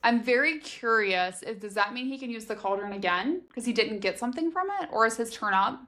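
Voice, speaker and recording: A woman's voice: a little high, animated, brisk, bright, forceful tone. A woman co-hosting a podcast, musing aloud with questions in casual book talk. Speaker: podcast co-host.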